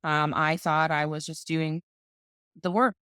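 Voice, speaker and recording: A woman guest on a podcast, telling her own story in an animated conversational way. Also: deep voice, unhurried, clean tone, dry recording, clean studio sound. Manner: animated, acts out other people's voices in quotes.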